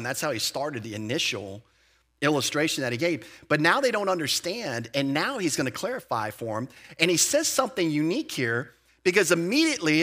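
Bright-voiced man preaching a lively sermon. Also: a little high. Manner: lively, conversational preaching with slang and asides. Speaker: pastor. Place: church sanctuary.

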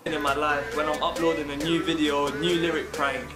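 A man's voice: fairly high pitch, level tone, fairly quick. A young man narrating his own prank video in a chatty, self-promoting way. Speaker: YouTuber doing a prank video. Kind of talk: casual vlog narration. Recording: roomy with music behind.

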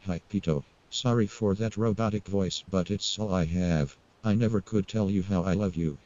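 A man voicing a foul-mouthed young non-human inventor in an animated short, blunt and agitated. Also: sits low, normal speed, lo-fi sound, close to an everyday voice. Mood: grieving, vengeful. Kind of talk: indie animated short film acting.

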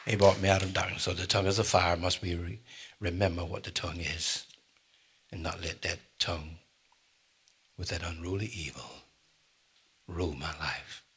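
Older male pastor, husky edge, sermon delivery with sudden loud emphasis. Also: sits low, steady tone, normal speed, pauses often. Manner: preaching with sudden loud emphasis and asides to the congregation. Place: church.

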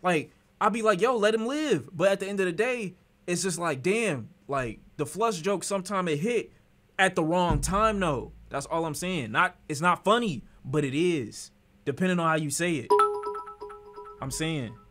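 A man streaming and reacting to a clip in animated, profane casual chat, often breaking into laughter. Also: on the high side, normal speed.

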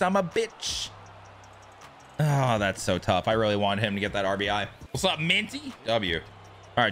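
Excitable young male game streamer. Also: mid-range voice. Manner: excitable, yells at big plays, swears, talks to chat. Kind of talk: live gameplay commentary.

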